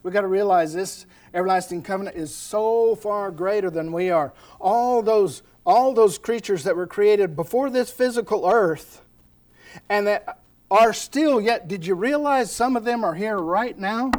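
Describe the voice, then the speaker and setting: Man, american preacher, sermon, high voice, folksy, animated storytelling. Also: unhurried. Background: congregation responding.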